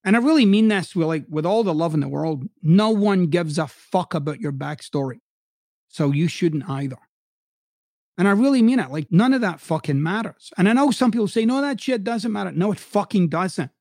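A man's voice: high-pitched, animated, moderate pace, darkish tone, dry recording, clean studio sound. A middle-aged man who hosts a podcast and used to coach, giving a blunt, profane motivational monologue with heavy emphasis. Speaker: podcast host, former coach.

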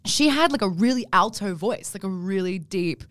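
A woman's voice: medium pitch, expressive, normal speed, fairly bright tone, dry recording, studio quality. A woman co-hosting a podcast, chatting with enthusiasm and telling stories. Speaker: podcast co-host. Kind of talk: casual chat.

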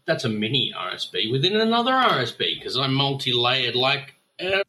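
A man's voice: mid-range voice, big pitch swings, moderate pace, pushed and bright, rough recording. A man with an Australian accent on a podcast, rambling and swearing freely. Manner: profane, rambling. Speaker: podcast guest. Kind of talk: casual podcast chat.

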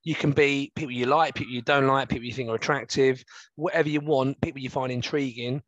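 A man's voice: medium pitch, fairly even intonation, quick pace, fairly bright tone, no room sound, lo-fi sound. A man in his thirties co-hosting a football podcast, bantering and teasing with playful questions. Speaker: podcast co-host. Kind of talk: casual banter.

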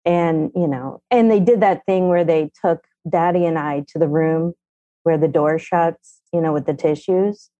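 A middle-aged woman, a mother and parenting columnist, telling a family story candidly with animated, blunt speech and casual swearing. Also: low-pitched, unhurried, dry recording. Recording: dull, dry sound.

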